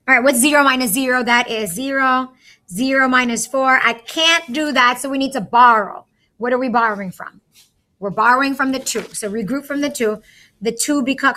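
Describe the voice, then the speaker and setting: A woman's voice: on the high side, sharp tone. A woman teacher patiently walking young students through a math lesson step by step.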